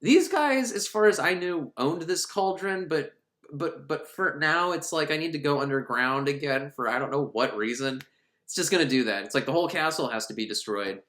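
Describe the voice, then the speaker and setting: A man recapping a film in a sarcastic, profane, animated way. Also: a little high, normal speed. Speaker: movie reviewer. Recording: roomy echo.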